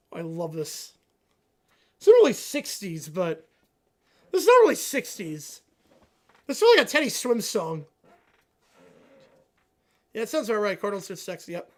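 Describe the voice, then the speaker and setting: Stream host, male, casual reaction chatter, very animated pitch, jumps from shouting rants to mumbled asides. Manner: excitable, answers chat questions, swings from loud rants to low mumbles. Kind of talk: casual live reaction chat.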